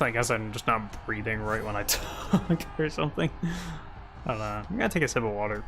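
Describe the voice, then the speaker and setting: A man's voice: fairly low pitch, fairly quick, creaky, noisy background. A man giving casual gameplay commentary as a video creator, rambling with lots of fillers and chuckling at himself. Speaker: gaming YouTuber.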